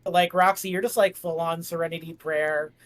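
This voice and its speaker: A man's voice: on the high side, fairly even intonation, brisk. A man running a tabletop game as game master, describing the scene in a loose, rambling way full of "like" and "uh". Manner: rambling, filler-heavy, jokey.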